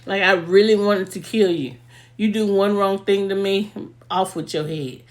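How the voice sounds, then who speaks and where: A woman's voice: mid-range voice, steady tone, moderate pace. A young woman, telling heartfelt, emotional stories about a late friend in a casual video, often laughing as she talks. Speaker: vlogger paying tribute to a late friend.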